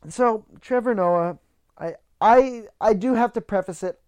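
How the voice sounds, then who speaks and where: A man's voice: high voice, measured pace, a little mellow, smooth. A man hosting a podcast, ranting in a casual monologue, swearing freely and often repeating words as he starts sentences. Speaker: podcast host.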